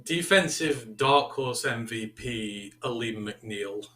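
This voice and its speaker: A man's voice: mid-range voice, slow, a bit bright. A man co-hosting a casual sports talk show, giving long, detailed analytical answers. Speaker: co-host. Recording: echoey room.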